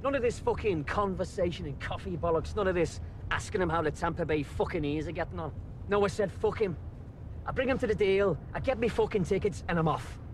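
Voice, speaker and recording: An actor playing a foul-mouthed, boastful English gangster with an English accent, ranting in a moving car. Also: male voice, sits high, fairly quick, a little hiss or hum, natural voice. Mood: scornful. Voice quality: profane, boastful, mocking. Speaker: film character.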